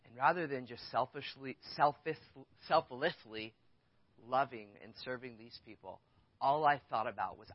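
A man's voice: mid-range voice, normal speed, no room sound. A man preaching a sermon in church as the pastor, speaking candidly and conversationally, telling a personal story and putting questions to the congregation. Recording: dry, dull lo-fi sound.

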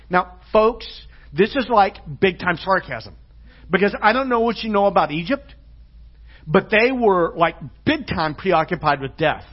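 Husky-voiced man preaching a sermon. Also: fairly high pitch, expressive, moderate pace. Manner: earnest, swings from hushed to loud and emphatic. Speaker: pastor. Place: church sanctuary. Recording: dull lo-fi church recording.

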